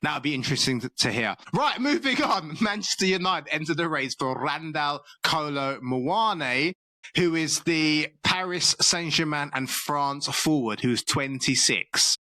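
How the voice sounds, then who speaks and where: A man's voice: a little high, moderate pace, pushed and bright, no echo. A young man hosting a casual football talk show, reading out transfer news and chatting loosely with frequent restarts. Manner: restarts sentences often, reads transfer news, calls co-host "bro". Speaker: football podcast host.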